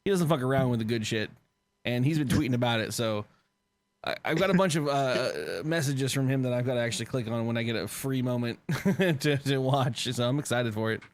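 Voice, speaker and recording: A man co-hosting a casual podcast, with a mid-pitched voice. He swears easily and trips over repeated words as he makes his point. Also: brisk. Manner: swears casually, stammers on restarts. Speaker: podcast co-host. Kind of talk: casual chat.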